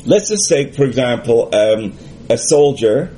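A man's voice: medium pitch, very animated, a little slow, mellow, a little hiss or hum. A man co-teaching a religious class, thinking through examples aloud in a thoughtful way.

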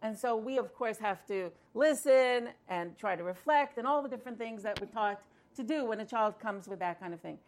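A woman's voice: fairly high pitch, animated, moderate pace, few pauses, a little hiss or hum. A woman telling a story in a conversational way, with fillers and restarts. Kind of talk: storytelling talk.

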